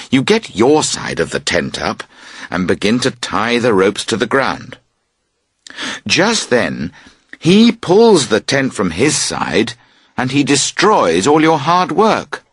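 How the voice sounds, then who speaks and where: Man, storybook narration, slow, husky, lively pitch, dry close sound. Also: no room sound. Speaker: audiobook narrator. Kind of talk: scripted narration of a graded reader.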